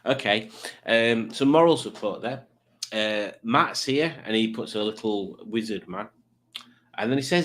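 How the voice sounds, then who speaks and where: A man's voice: on the low side, animated, moderate pace, fairly bright tone. A man hosting a casual live quiz stream, rambling along with jokey, self-mocking asides. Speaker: quiz show host.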